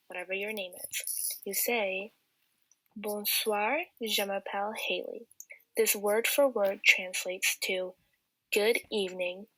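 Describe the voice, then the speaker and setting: Bright, husky teen girl tutor. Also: mid-range voice, no room sound, poor audio. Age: teens. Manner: patient, explains step by step. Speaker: student tutor. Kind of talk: slide-based language lesson.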